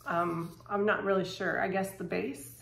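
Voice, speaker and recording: A woman's voice: medium pitch, gravelly. Gushing woman unboxing in an echoey room. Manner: excitable, gushing, quick bursts of surprise. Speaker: lifestyle vlogger unboxing home decor. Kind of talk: casual unboxing chat to camera. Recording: echoey room with faint noise.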